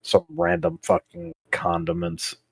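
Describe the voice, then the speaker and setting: A man's voice: a little high, big pitch swings, unhurried, vocal fry, husky, dry recording. A man chatting casually as a co-host, telling laid-back stories and swearing now and then. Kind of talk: casual chat.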